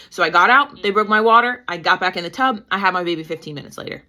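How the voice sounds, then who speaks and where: Animated woman with a bright voice. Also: fast talker, hardly any pauses. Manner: animated, quotes herself with pitch jumps. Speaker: guest, certified nurse-midwife and mother. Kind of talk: casual storytelling interview.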